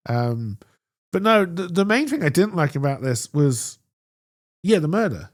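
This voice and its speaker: Man, podcast co-host, casual chat, lively swooping pitch, enthusiastic. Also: unhurried. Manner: enthusiastic, animated storytelling.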